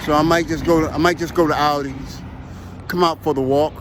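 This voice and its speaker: A man's voice: a little high, steady tone, brisk, noisy background. A man chatting casually outdoors while out on a walk, rambling and emphatic and often repeating himself. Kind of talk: casual chat while walking.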